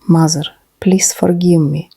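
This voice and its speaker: A woman's voice: low voice, unhurried, vocal fry, slightly rough, heavily acted. A woman voicing a haunted young man who speaks in a pleading, strained way. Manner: pleading, then forced calm.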